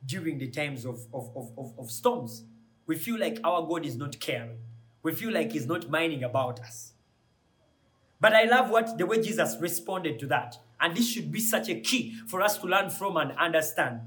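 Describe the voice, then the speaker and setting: A man with a slightly high, fairly bright voice preaches a passionate sermon. He builds to emphatic peaks through repeated rhetorical questions and often repeats words while searching for the right one.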